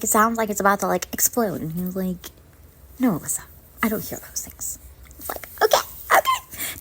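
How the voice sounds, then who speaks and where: Young woman vlogging a story time, chatty, animated, doing both sides of the convo. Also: low-pitched. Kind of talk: casual storytelling to camera.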